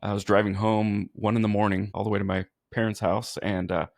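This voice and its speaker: A man's voice: fairly low pitch, level tone, brisk, gravelly, dry recording, studio quality. A man from California, a firefighter guest, telling his story in an earnest, easygoing way. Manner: earnest, self-described goofy, easygoing. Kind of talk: casual storytelling.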